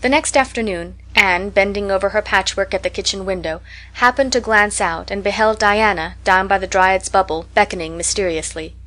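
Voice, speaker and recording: A woman reading a classic novel aloud as an audiobook narrator, measured and expressive. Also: medium pitch. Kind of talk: scripted narration.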